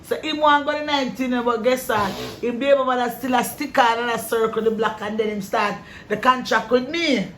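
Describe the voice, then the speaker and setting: Jamaican man, high bright voice, talkative barbershop storyteller. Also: brisk, few pauses, a little hiss or hum. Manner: rambling animated storytelling. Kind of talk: casual chat.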